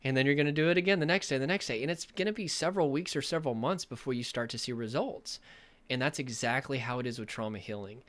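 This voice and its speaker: Brief: male recovery coach, motivational talk to camera, earnest and emphatic, mid-pitched voice. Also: fast talker, a bit bright.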